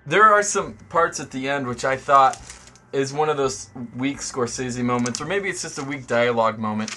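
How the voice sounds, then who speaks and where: A man with a mid-range voice and a bright, tense tone chats about a film on a podcast. He hesitates and trails off now and then as he talks. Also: mid-range voice, moderate pace, slight background noise. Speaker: podcast co-host. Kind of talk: casual movie review chat.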